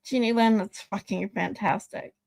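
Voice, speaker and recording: A woman's voice: mid-range voice, fairly even intonation, moderate pace, vocal fry, a little mellow. A woman streaming live, chatting casually with viewers, laughing often and swearing loosely. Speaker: live streamer reading chat.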